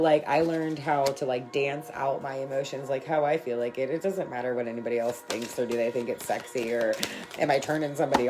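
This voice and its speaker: A woman with a low voice chats through a tarot livestream in a loose, rambling way. She swears freely and keeps it affectionate and spiritual. Soft music plays faintly behind her. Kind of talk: casual spiritual livestream talk.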